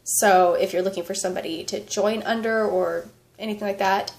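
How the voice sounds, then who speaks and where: A woman's voice: medium pitch, steady tone, fairly quick. A woman vlogger with a fever, chatting casually and rambling, with frequent laughter. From United States. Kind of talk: casual vlog chat.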